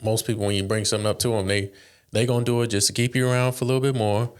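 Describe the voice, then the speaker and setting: A man's voice: fairly low pitch, flat delivery, rapid-fire, clean tone. A man co-hosting a casual podcast chat, playing out both sides of relationship arguments in quoted voices and swearing casually. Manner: laughs between lines, swears casually. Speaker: podcast co-host.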